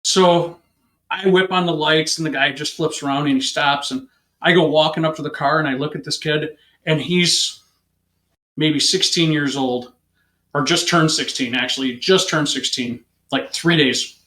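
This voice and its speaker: A man's voice: fairly high pitch, moderate pace, echoey room. A man, a police officer, telling an anecdote in an interview and acting out the people in it. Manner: lively anecdote-teller who acts out the people in it. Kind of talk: casual storytelling in an interview.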